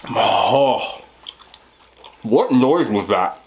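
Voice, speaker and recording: A man's voice: medium pitch, expressive, drawn-out words. Laid-back young man chatting while eating. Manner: chatty, laid-back, talks with mouth full. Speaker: mukbang vlogger. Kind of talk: casual talk to camera while eating.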